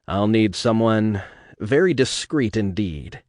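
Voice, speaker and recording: An authoritative, brisk city founder, as a male narrator puts him on, measured and demanding. A storybook reading with a dry, close sound. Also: lowish voice, animated, a little mellow, no room sound. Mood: confiding.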